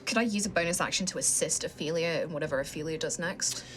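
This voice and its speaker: A woman's voice: low voice, fast talker, over loud music. Inquisitive woman playing a tabletop game. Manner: questioning, thinking aloud. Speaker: player.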